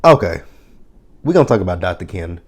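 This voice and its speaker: A man's voice: sits low, sing-song, fairly quick, a little mellow. A man in his thirties casually recapping a TV episode, chatty and profane, laughing often. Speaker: TV episode reviewer.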